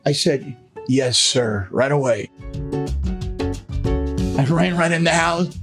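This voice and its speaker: A man's voice: fairly high pitch, slow pace, music in the background. An older man, a former smuggler, recounting his past in an interview, acting out quotes and laughing as he talks. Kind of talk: storytelling interview.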